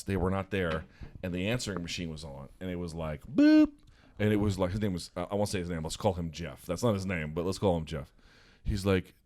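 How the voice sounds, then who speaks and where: A man co-hosting a podcast in casual chat, telling stories in an animated, profane way from a hotel room. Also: deep voice, a little hiss or hum. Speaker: podcast co-host.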